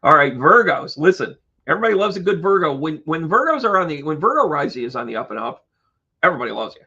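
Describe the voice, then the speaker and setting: A man's voice: on the high side, sing-song, fast, bright, forceful tone, breathy edge, dull audio. A man hosting an astrology live stream, chatty and joking, talking to his viewers by name. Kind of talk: casual live stream chat.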